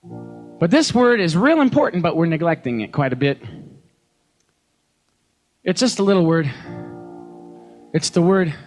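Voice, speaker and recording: A man preaching from a concert stage in a folksy, joking, animated storytelling way. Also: fairly high pitch, normal speed, long pauses, soft background music. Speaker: singer and preacher. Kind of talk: live concert sermon talk. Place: concert stage before an audience.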